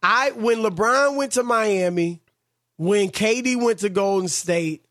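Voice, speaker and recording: Male sports-talk host, high-pitched, dry close mic, emphatic delivery. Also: unhurried, fairly bright tone, no echo.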